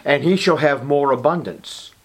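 A man's voice: on the high side, moderate pace, husky. Emphatic male preacher, dramatic sermon. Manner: emphatic, drops to a whisper for quoted lines.

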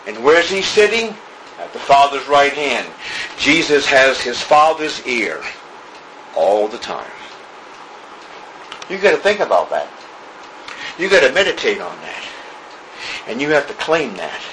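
A man's voice: medium pitch, big pitch swings, bright, forceful tone, a little hiss or hum, low-quality recording. A male pastor preaching a sermon in church during a service, emphatic and repetitive, stretching out key words. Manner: emphatic preaching with repeated phrases and drawn-out words.

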